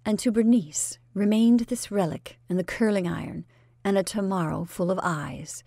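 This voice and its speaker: A woman storyteller reading a classic short story aloud in a measured, expressive way. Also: mid-range voice, vocal fry, dry recording, studio quality. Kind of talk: scripted narration of a classic story.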